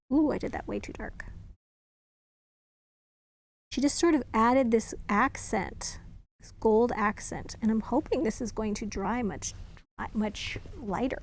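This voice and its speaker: Woman, crafting tutorial host, slightly high voice, chatty and thinking aloud while she works. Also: gravelly, a little mellow. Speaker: craft demonstrator.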